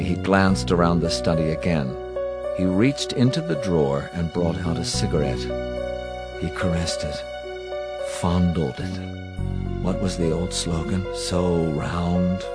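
A deep-voiced man narrates an audiobook in a measured, dry way. His low voice stays steady through long passages. Music plays clearly beneath him.

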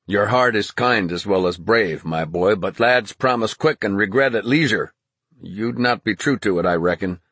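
A man voicing a gruff, stubborn middle-aged head groom who talks bluntly. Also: on the low side, normal speed, a bit bright, no echo.

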